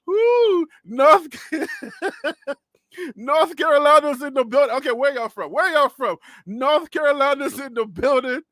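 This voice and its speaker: A man's voice: extremely high pitch, fairly bright tone, no room sound. A man from Liberia hosting a live sports show, chatting playfully with viewers and laughing often. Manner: playful, laughing, teasing the chat. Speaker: host. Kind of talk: casual live-stream chat.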